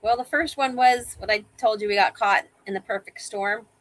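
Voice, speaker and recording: A woman in her fifties telling sailing stories as a guest over a video call, animated and vivid. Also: mid-range voice, moderate pace, no echo, rough recording. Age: 50s. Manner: animated storyteller, acts out quoted voices. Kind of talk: casual interview storytelling.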